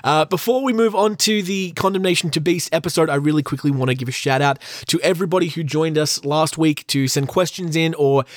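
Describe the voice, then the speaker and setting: A male podcast host in casual, comedic chat, rambling through self-deprecating jokes and asides. His voice is a little higher than most men's. The recording is close-miked and dry. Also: fairly quick, hardly any pauses, no echo.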